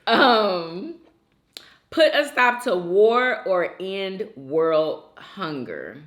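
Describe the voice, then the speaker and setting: A woman hosting a casual couples chat, expressive and teasing. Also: on the low side, takes it slowly. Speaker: host.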